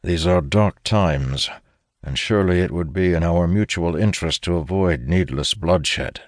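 A man's voice: deep voice, a little slow, dry recording, studio quality. A man reading an audiobook, voicing a careworn male lord who speaks diplomatically and somberly. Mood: earnest.

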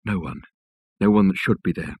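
A man's voice: lowish voice, a little fast, husky, no echo. A man voicing a courtly old college don. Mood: grave. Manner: courteous, old-fashioned, formal phrasing. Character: eccentric elderly male college don. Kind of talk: audiobook character voice.

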